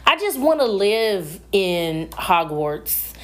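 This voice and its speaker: Lively-voiced woman co-hosting a chatty podcast. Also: medium pitch, slow. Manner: animated, slangy, trails off mid-sentence. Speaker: podcast co-host. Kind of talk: casual chat.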